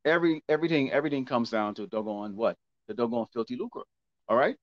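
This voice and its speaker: A man's voice: medium pitch, lively intonation, quick pace. Man preaching in rhetorical questions. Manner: rhetorical questions answered himself, repeats words, frequent "okay?". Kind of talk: teaching sermon with scripture reading. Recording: dull lo-fi dry recording.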